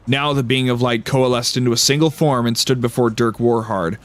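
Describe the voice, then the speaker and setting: A man's voice: mid-range voice, steady tone, brisk, few pauses. A game streamer man reading a game's story aloud with playful, dry delivery and casual asides.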